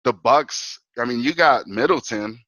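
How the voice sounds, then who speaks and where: A man guesting on a sports talk show, talking as an animated fan, full of "bro" and "man". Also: mid-range voice, unhurried, no room sound, low-quality recording.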